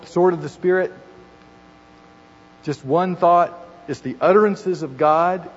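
Earnest preacher in a reverberant hall. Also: male voice, on the high side, a little hiss or hum. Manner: earnest, builds to emphatic repeated phrases. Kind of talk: sermon. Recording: muffled hall recording with long reverb.

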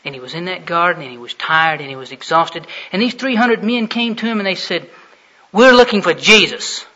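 A male preacher with a high, bright and forceful voice delivers a sermon. He swings dramatically between hushed, low passages and loud bursts. The recording sounds dull and lo-fi. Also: brisk.

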